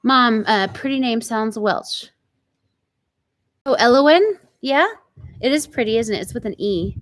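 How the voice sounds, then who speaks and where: A woman's voice: high voice, expressive, measured pace, pauses often, dry recording. Chatty Oklahoman woman on a ranch. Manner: chatty, greets viewers by name with bright bursts of enthusiasm. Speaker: ranch channel host reading live chat. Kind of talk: casual live-stream chat. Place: outdoors on a ranch.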